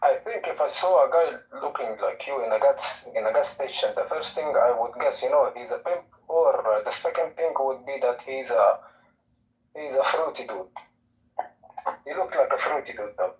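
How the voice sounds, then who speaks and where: A man's voice: mid-range voice, moderate pace. A man trolling the other caller in a provocative, mock-sincere way, drawling with lots of fillers. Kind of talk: trolling online chat. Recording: distant lo-fi audio.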